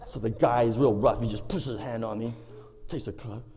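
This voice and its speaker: A man's voice: medium pitch, fairly quick. A man telling a funny personal story to a live audience, acting out voices and sounds. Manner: animated, acts out voices and sound effects. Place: stage of a performing arts center. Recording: long reverb of a performing arts hall.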